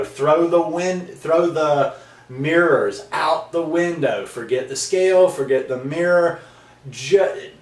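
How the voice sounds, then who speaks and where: A man's voice: fairly high pitch, darkish tone, roomy sound, recorded from a distance. A man hosting his own video blog, talking earnestly to camera in a rambling way with many ums and restarts. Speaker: vlog host. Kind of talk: casual talking-to-camera monologue.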